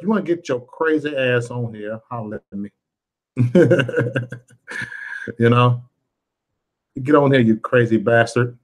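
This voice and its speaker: A man's voice: mid-range voice, fairly bright tone. A man hosting a casual livestream, rambling loosely, greeting viewers one by one and cursing freely. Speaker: livestream host.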